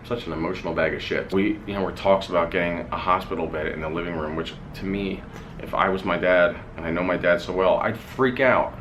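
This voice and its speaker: A man with a fairly low voice speaks to camera in a candid, rambling way and swears casually. He tells a personal family story in an unpolished vlog style, with a faint hum of noise behind him. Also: fairly even intonation, brisk, a bit bright. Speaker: vlogger.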